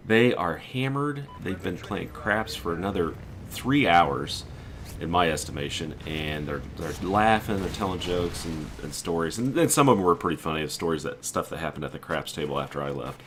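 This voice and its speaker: A man's voice: low voice, lively intonation, moderate pace, slight background noise. A man casually telling a story about a weekend trip, quoting his friends and sounding exasperated. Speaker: gaming video creator.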